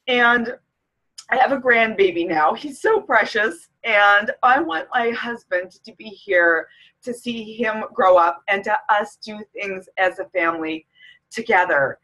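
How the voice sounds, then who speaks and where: A middle-aged woman from Canada speaks candidly to camera in a personal vlog. She is emotional and close to tears throughout, with a voice of ordinary middle pitch. She talks as a fitness coach. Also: a little slow, pushed and bright, poor audio.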